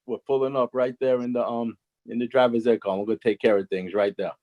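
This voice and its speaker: A former coaching colleague rattles off rambling stories on a video call, full of fillers and restarts. He talks at a quick pace in a flat, mid-range voice, over narrow, tinny audio.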